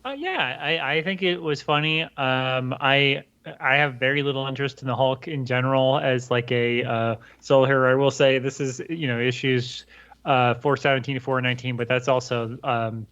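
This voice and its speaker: A man's voice: medium pitch, moderate pace, a bit bright, smooth, lo-fi sound. A man co-hosting a podcast in casual chat, wry and dry in delivery. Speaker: podcast co-host.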